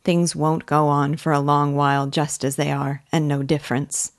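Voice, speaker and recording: A woman's voice: sits low, little pitch movement, no echo, clean studio sound. A woman reading as a subdued old weaver. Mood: tender. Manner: slow, subdued and careful. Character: older male village weaver, subdued and tender.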